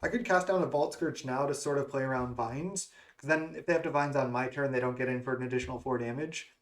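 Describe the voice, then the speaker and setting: Gaming creator, male, mid pitch, casual running commentary on his own play. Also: fast. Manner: musing, self-questioning strategy talk. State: has the hiccups. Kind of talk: thinking aloud during card game play.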